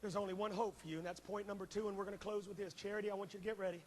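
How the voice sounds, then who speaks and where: A man preaching a revival sermon, swinging between impassioned shouting and hushed pleading. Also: sits high, fairly even intonation, very fast, big-room sound, a little hiss or hum. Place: large church auditorium.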